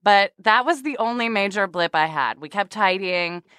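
A woman hosting a podcast, chatting and telling stories in an excitable, bubbly way and laughing often. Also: mid-range voice, normal speed, smooth, dry recording, studio quality. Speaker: podcast host. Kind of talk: casual podcast chat and storytelling.

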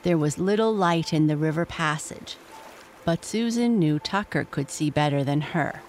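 A storyteller reading a bedtime story aloud in a calm, measured way. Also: mid-range voice, faint music behind.

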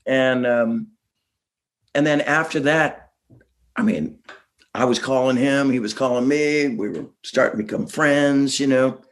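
A man's voice: medium pitch, measured pace. A man, a musician guest, telling stories in a rambling way with many restarts and chuckles. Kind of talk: casual interview storytelling.

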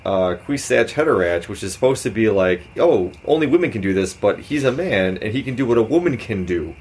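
A man's voice: mid-range voice, slightly rough. Laughing, rambling podcast co-host man. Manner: laughs often, rambling and self-deprecating. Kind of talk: casual chat.

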